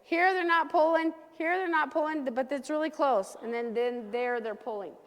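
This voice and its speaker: A woman's voice: sits high, normal speed, big-room sound. A woman dog trainer teaching a dog training class, coaching owners and checking in with a frequent "okay?".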